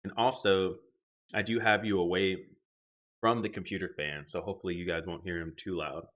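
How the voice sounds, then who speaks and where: A young man rambles casually on a live stream, reading out his viewers' comments and talking to chat through a desk microphone at his home gaming setup. His low voice is a bit bright, with fairly even intonation and a normal speed.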